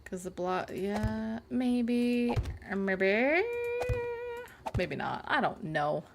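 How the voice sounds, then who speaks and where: Playful gravelly woman streamer. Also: medium pitch, expressive, drawn-out words, noisy background. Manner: playful, sarcastic, innuendo jokes. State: burnt mouth. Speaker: livestream gamer host. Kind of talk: casual live-stream chat with viewers.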